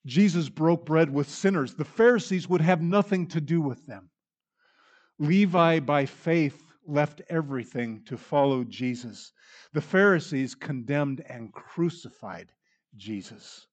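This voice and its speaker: A man preaching a sermon, dramatic in delivery, acting out the voices he quotes and swinging from loud to hushed. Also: a little high, unhurried, lo-fi sound.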